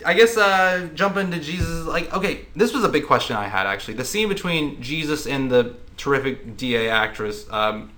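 A man co-hosting a casual podcast chat, animated and jokey, talking through questions about a TV episode. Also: on the high side, moderate pace, hardly any pauses. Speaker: podcast co-host.

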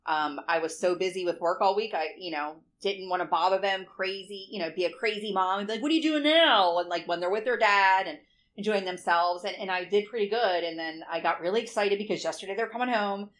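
A woman's voice: medium pitch, fairly even intonation, brisk, a bit bright. A middle-aged woman co-hosting a podcast, chatting candidly and swearing freely. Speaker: podcast co-host. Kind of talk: casual chat.

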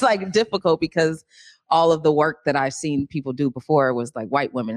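A woman actress talking casually in an interview, laughing often and animated. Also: sits low, fast, no echo. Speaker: guest actress.

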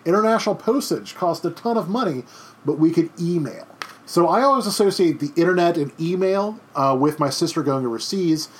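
A man's voice: on the high side, expressive, a little fast, a little hiss or hum. A man in his thirties giving a conversational history lecture from home, rambling and restarting with lots of fillers. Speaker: teacher. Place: home during quarantine.

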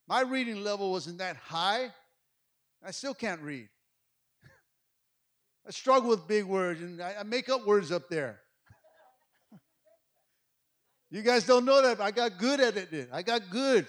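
Passionate high-voiced male preacher. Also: a little slow, long pauses. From Mexico. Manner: passionate, storytelling, repeats words when excited. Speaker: pastor. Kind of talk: sermon.

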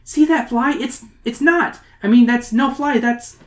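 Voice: medium pitch, measured pace, voice pushed up, lightly acted. A reader putting on an anxious schoolgirl. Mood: urgent. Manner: pleading and urgent.

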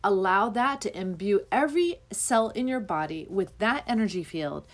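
A woman's voice: mid-range voice, animated, moderate pace. A young woman hosting a spiritual podcast, talking earnestly and rambling, with many fillers. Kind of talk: casual spiritual talk.

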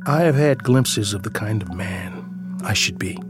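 A man's voice: fairly low pitch, expressive, unhurried. A father telling a scripted personal story in a reflective, tender way, sometimes dropping to a whisper, over background music.

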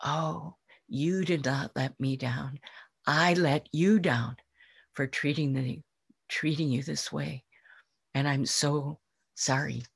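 Casting: an upset, then remorseful farmer, voiced by a woman storyteller, raised pitch, breathy. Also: fairly even intonation, slow, no room sound, studio quality, full character voice. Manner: pleading, rising outbursts. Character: desperate, remorseful male farmer.

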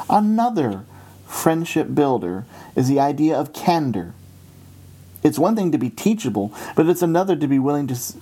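Male preacher, earnest and steady, mellow low-bright tone. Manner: earnest, steady delivery, often quoting scripture and authors. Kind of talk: sermon.

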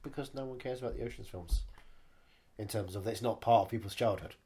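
A man's voice: fairly low pitch, brisk, dark tone, slightly rough. A man in his late twenties, co-hosting a podcast in rambling, sardonic casual chat. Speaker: podcast co-host.

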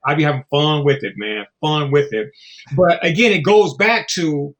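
A middle-aged man in a casual conversation, telling stories in an animated, slangy and profane way and acting out other people's voices. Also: a little high, normal speed.

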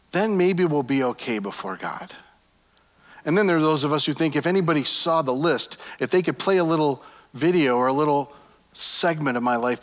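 A middle-aged male pastor giving a sermon and praying over his congregation, earnest, rising to emphatic points and then dropping to hushed, soft phrases. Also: a little high, in a large hall. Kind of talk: sermon with prayer.

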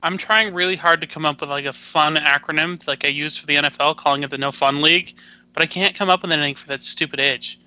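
A man on a podcast panel with a very bright, tense, slightly high voice. He tries to keep it flat, but anger and swearing break through, and the recording is dull and lo-fi. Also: fast talker, dry recording. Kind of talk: casual chat.

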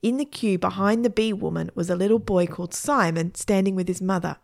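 A woman's voice: mid-range voice, fairly quick, gravelly. Woman storyteller, playful, children's story reading, character voices.

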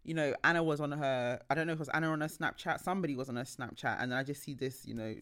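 A woman co-hosting a podcast about motherhood, chatting with friends. She tells stories in an animated, rambling way, often restarting her sentences. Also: low voice, rapid-fire. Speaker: podcast co-host. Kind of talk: casual chat.

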